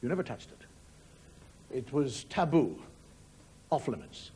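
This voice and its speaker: Slow and warm, with a breathy edge and big pitch swings in a mid-range voice, a middle-aged comedian from Ireland spins a wry stand-up story and acts out voices. The clip is from a 1990 TV broadcast in a studio, with the audience audible and laughing.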